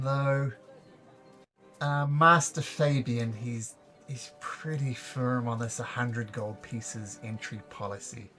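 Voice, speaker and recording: A man voicing a kindly, encouraging male minstrel in a tabletop game. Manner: kindly, flattering, high-pitched.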